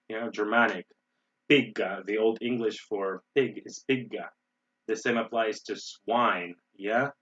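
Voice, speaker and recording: A man from the USA with an American accent, teaching an online webinar lesson in an explanatory way, often checking in with "right?" and pausing with "um". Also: lowish voice, fairly bright tone, far from the mic, muffled recording. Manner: explanatory, frequent "right?" and "um" fillers. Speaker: English teacher.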